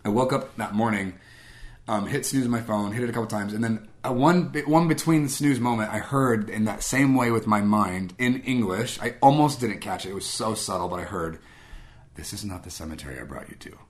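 A man from Guam tells his own story at a brisk, rapid clip, his voice sitting fairly low. He talks casually, leans on "like" and "I was like", and slips into quoted dialogue as he goes. The delivery is personal storytelling rather than a script. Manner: conversational, acts out quoted dialogue, frequent "like" and "I was like". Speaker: speaker sharing a personal testimony.

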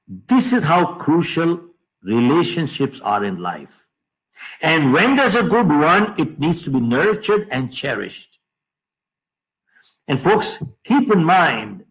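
A man giving a motivational talk to an audience, emphatic, repeating key phrases and dropping his voice low on punchlines. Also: low-quality recording. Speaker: motivational speaker.

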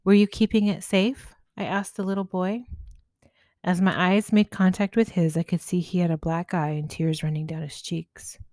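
A woman, a spiritual healer, narrating a story in a gentle, measured way. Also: fairly low pitch, little pitch movement, no room sound.

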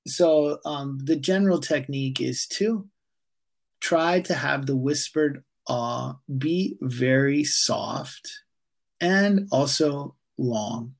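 Gravelly, husky-voiced man, calm and halting. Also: fairly high pitch. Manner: calm, halting with many fillers and restarts. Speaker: yoga teacher, guest. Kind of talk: conversational interview, guiding a breathing exercise.

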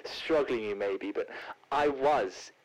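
Over a rough recording, a man's medium-pitched, slightly slow voice is lightly acted as he impersonates a posh, theatrical older English actress. Playing a celebrity caller in a comedy bit, he's grandly plummy and affected, repeatedly calling people darling.

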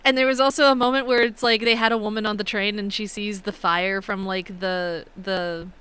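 Bright, smooth-voiced young woman. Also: medium pitch, moderate pace. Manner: chatty storyteller, animated. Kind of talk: casual chat.

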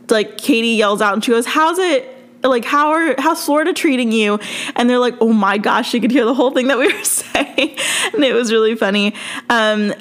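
A young woman talks her way through a story in an easygoing, casual way, with "like" and "um" tucked into nearly every sentence. Her voice sits at an ordinary middle pitch. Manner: chatty, filler-heavy storytelling with frequent "like" and "um". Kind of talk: casual chat recapping a TV episode.

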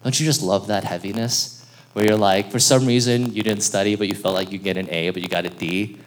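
A male pastor preaching with lots of energy and a conversational touch. He swings his voice up high for emphasis and drops it low and quiet for serious points, joking with the congregation along the way. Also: a little fast, slight background noise. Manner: lively, conversational preaching with jokes and audience interaction. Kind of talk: sermon.

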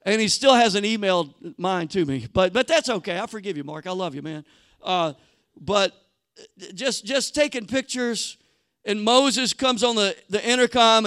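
A male pastor delivering a sermon in an animated, conversational storytelling style, often restarting his sentences. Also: high-pitched, moderate pace, clean tone, no echo, clean studio sound.

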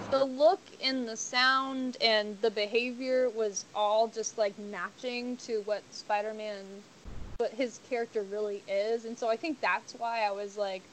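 Young female guest, bright and enthusiastic, casual chatter with a slightly high voice. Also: slight background noise, poor audio. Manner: bubbly, gushing, many "like" fillers. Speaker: podcast guest. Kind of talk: casual chat.

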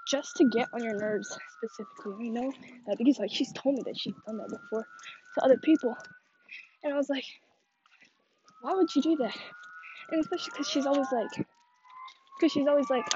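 High-voiced young woman rambling on a walk. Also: darkish tone, highs cut off, slight background noise. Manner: rambling, gossipy, filler-heavy. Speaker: vlogger. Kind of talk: casual fake phone chat while walking. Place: outdoors on a neighborhood walk with a dog. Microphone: phone held while walking.

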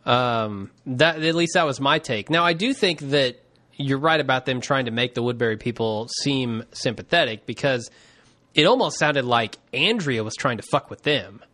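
A man's voice: mid-range voice, lively intonation, normal speed, bright, forceful tone. A man co-hosting a podcast in casual chat, laid-back, with dry quips and easy laughs. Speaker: podcast co-host.

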